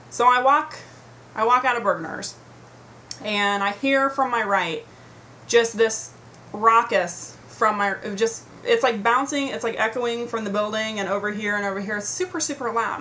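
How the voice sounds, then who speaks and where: A woman with a fairly high voice rambles through a story straight into her webcam, swearing freely and sounding exasperated. She talks in a loose, unscripted way from her desk at home, with a faint hiss behind her. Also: normal speed, bright, forceful tone. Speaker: vlogger. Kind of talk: casual storytelling rant to camera. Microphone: computer webcam mic.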